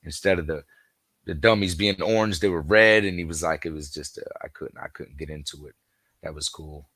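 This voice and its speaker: A bass-voiced man, fairly quick and a bit bright, is recorded in studio quality with no room sound. As a podcast guest and football fan, he chats casually, rambling through stories, acting out dialogue, and leaning heavily on "you know."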